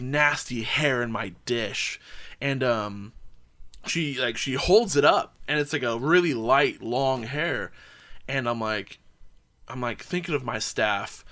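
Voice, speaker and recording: A man's voice: medium pitch, a bit bright. A man hosting a podcast, chatting casually and telling a profane, rambling story. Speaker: podcast host. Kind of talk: casual chat.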